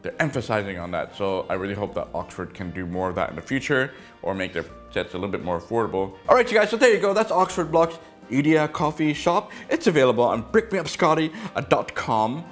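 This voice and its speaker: A man's voice: mid-range voice, big pitch swings, fairly quick, hardly any pauses, faint music behind. A man hosting a casual toy review, chatty and joking as he goes over each piece.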